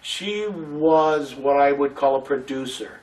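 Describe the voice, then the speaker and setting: A male community theater actor being interviewed, telling stories in a lively way with many restarts. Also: fairly high pitch, slow, distant mic, low-quality recording. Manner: animated storytelling, many restarts. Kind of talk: casual interview.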